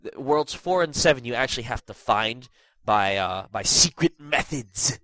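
A man's voice: mid-range voice, expressive, moderate pace, pushed and bright, no room sound, rough recording. A young man with a stuffy nose hosting a casual gaming podcast, rambling with lots of fillers and self-deprecating asides. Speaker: podcast host.

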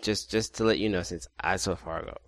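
A man's voice: low-pitched, steady tone, fairly quick, dry recording. A man co-hosting a podcast, chiming in with short, casual remarks. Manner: brief reactions and short remarks. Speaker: podcast co-host. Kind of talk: casual chat.

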